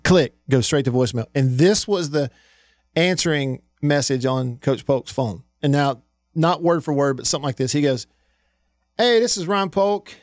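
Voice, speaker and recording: A man's voice: medium pitch, normal speed, dry recording, studio quality. A man co-hosting a sports radio show, chatting casually, laughing often and telling stories. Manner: laughing, storytelling. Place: radio studio.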